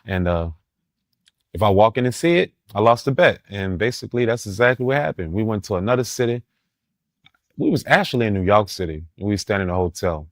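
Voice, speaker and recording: A man telling a casual story in street slang as a podcast guest, laughing and animated, often asking if you follow him. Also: fairly low pitch, fast talker, dry recording, clean studio sound.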